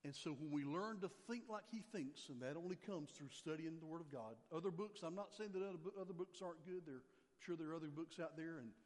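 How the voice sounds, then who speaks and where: An older man preaching a sermon, emphatic, repeating key phrases and dropping his voice low for scripture. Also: a little fast. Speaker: pastor. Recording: long hall reverb.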